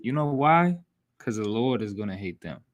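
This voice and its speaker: A man leads a scripture class in a blunt, scolding preacher's voice. He talks plainly and profanely to his listeners, and his pitch sits in the middle of the male range. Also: animated, normal speed. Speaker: class instructor.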